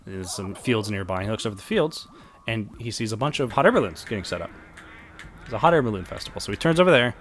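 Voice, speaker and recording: A man's voice: fairly low pitch, expressive, fast talker, fairly bright tone, slight background noise. A young man telling a long, rambling comic story in casual chat, restarting his sentences often. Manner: rambling, many restarts, acts out characters. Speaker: podcast co-host.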